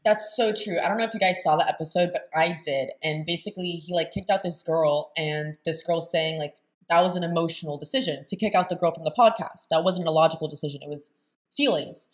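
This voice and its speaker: A woman's voice: low-pitched, fairly quick. A young woman hosting a reaction video, talking in a blunt, sarcastic and profane way. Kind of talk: casual reaction commentary.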